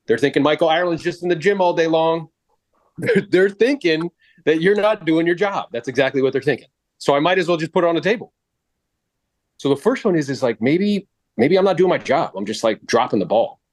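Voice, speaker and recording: A man coaching real estate agents on a podcast, talking in a blunt, animated way with casual swearing. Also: a little high, brisk.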